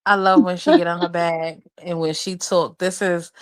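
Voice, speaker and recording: A woman's voice: fairly low pitch, steady tone, moderate pace. Encouraging woman hosting a livestream chat. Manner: warm, encouraging, affectionate.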